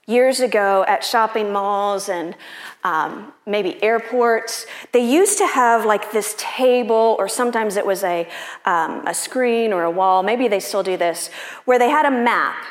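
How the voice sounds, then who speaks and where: A woman pastor preaching a sermon in an unhurried, conversational and personal way. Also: a little high, roomy sound.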